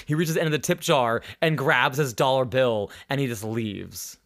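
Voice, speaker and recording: A man's voice: on the high side, normal speed, few pauses, a bit bright. A young man hosting a podcast, telling a story in casual chat, acting out the voices of people he quotes and swearing freely. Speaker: podcast host.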